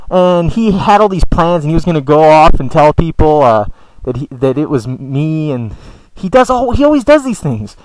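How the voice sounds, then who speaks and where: Stammering, whiny man with a high voice. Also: slight background noise, low-quality recording. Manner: stammering, repeats words, swears a lot; aggrieved and whiny. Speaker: video blogger. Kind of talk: ranting vlog monologue.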